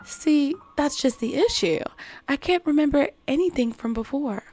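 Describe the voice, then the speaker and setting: A woman's voice: high-pitched, animated, normal speed, darkish tone, no echo, soft background music. A woman voicing a polite, bewildered young girl named Alice in a game, speaking in a prim, apologetic way. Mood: confused.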